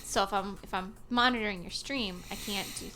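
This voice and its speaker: A woman's voice: mid-range voice, fairly quick, bright, forceful tone, faint music behind. A woman chatting casually beside a streamer, teasing and joking. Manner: teasing, joking, laughs often. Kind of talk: casual chat.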